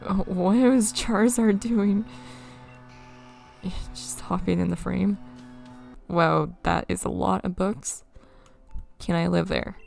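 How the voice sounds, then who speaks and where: A woman's voice: medium pitch, steady tone, slow pace, creaky, pauses often, a little mellow, soft background music. A young woman chatting casually as she plays a game, with wry running reactions to what she sees. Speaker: let's play gamer. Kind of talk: casual gameplay commentary.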